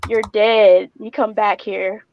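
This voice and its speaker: A woman's voice: medium pitch, flat delivery, slow pace, darkish tone, a little hiss or hum. A woman co-hosting a podcast, retelling things in a rambling, hesitant way with ums. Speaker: podcast co-host. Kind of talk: casual chat.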